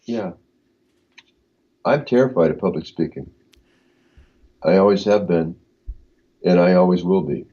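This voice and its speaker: A man answers interview questions in a measured, explanatory way, often pausing on fillers. His voice sits very low and sounds dark and mellow. The call audio is dull and lo-fi. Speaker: guest.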